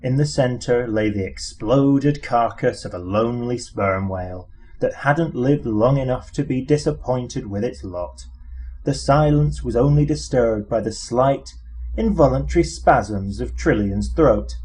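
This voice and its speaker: A husky-voiced man narrating an audiobook. He reads in a measured, dry storytelling manner at a mid pitch. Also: darkish tone. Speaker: audiobook reader.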